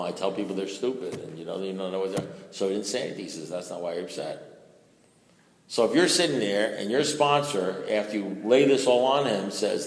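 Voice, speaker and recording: A man sharing his story as a recovering alcoholic at a recovery meeting, in a conversational way full of "you know"s that rises to loud bursts. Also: sits low, slight background noise. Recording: echoey hall reverb.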